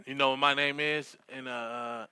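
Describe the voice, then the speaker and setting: A man's voice: mid-range voice, steady tone, bright, forceful tone, smooth. A man co-hosting a comedy talk show, joking and laughing easily and swearing often. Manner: joking, quick to laugh, profane. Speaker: co-host. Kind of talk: casual comedic chat.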